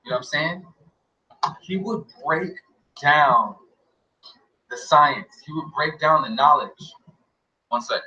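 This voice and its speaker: A man's voice: fairly high pitch, lively intonation, a little slow, pauses often, bright, forceful tone, distant mic, highs cut off. A man telling a long personal story in a rambling, profane way, with many fillers and restarts. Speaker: guest recounting an experience.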